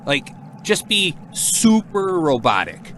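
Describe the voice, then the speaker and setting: A man's voice: fairly high pitch, sing-song, fairly bright tone, slight background noise, full character voice. An actor playing an effusive male film director who gushes praise and gives notes. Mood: enthusiastic. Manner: gushing, fast to praise and direct. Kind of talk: audio drama acting.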